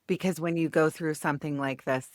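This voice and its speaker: A woman's voice: sits low, steady tone, a little fast, no room sound, studio quality. A woman hosting a casual podcast chat, asking probing questions and thinking aloud as she goes. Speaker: podcast host. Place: podcast studio.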